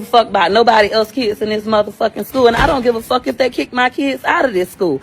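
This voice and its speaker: A woman's voice: a little high, expressive, a little fast, hardly any pauses, slightly rough, rough recording. A woman, a mother, ranting furiously and profanely in a vlog. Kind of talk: angry vlog rant.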